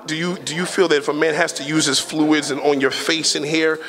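A man's voice: fairly high pitch, steady tone, fairly quick, fairly bright tone. A man hosting a casual chat, asking probing questions and agreeing eagerly. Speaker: host.

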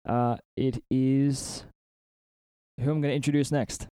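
A man chats as a podcast host, swearing freely and laughing between rambling anecdotes. His voice sits at a middling pitch, and the sound is dry with no room echo. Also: flat delivery, a little slow, dark tone, smooth. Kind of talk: casual podcast chat. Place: a friend's house.

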